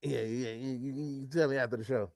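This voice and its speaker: A man's voice: medium pitch, steady tone, a little fast, vocal fry, darkish tone. A man, co-hosting a podcast, laughing often and throwing in short, teasing comebacks. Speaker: podcast co-host. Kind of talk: casual comedic chat.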